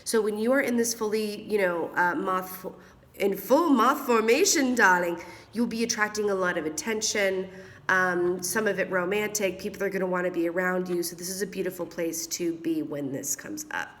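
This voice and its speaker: A woman's voice: fairly low pitch, steady tone, brisk, a bit bright. Chatty woman getting over a cold. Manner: chatty and affectionate, laughs often, calls listeners darling and honey; whispers while drawing cards. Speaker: tarot reader. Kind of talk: casual tarot reading.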